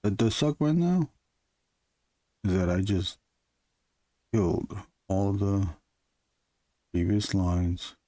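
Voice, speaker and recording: A man illustrator chatting casually and rambling to his stream while he draws, asking himself questions out loud. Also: on the low side, takes it slowly, pauses often, dry recording. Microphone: close camera mic.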